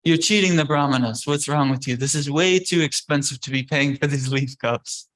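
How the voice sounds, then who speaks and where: A man's voice: fairly high pitch, moderate pace, a bit bright, natural voice. A man playing a teasing, insistent divine lord.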